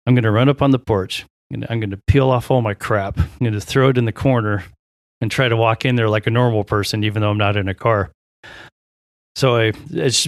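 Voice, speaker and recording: A man, a pilot and podcast guest, telling a long story in a casual, animated way, acting out the voices of others and often restarting his sentences. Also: lowish voice, no echo, studio quality. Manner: animated, acts out quoted voices, frequent restarts.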